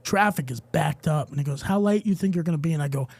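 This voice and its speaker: Young male podcast co-host, higher-pitched, lively storyteller who swears a lot, dry close mic. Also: quick pace, vocal fry, no room sound. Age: young adult. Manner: animated storyteller, swears freely, acts out quoted voices. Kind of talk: casual storytelling chat.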